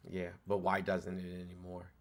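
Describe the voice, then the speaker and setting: A man's voice: low voice, monotone, normal speed. A man hosting a live stream debate, asking probing questions in a laid-back way. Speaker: stream host.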